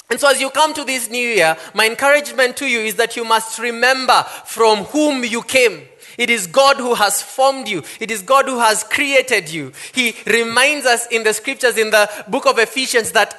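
A man preaching a sermon, reading scripture and then laying out his points with slow, emphatic stress. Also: extremely high pitch, bright, forceful tone. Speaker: pastor.

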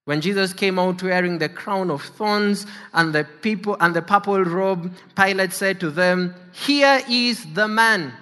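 A man preaching in a church, reading scripture with dramatic flair. His voice is high and bright and sits forward. The words ring out with the long reverb of a large sanctuary. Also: a little slow, few pauses, smooth. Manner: dramatic reading, giving the quoted figures their own inflection.

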